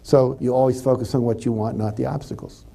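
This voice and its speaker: A man's voice: medium pitch, steady tone, a little fast, creaky, dark tone, slightly rough. A man giving a conversational seminar lecture to a live audience, acting out example thoughts as he goes. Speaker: motivational speaker. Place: lives in California.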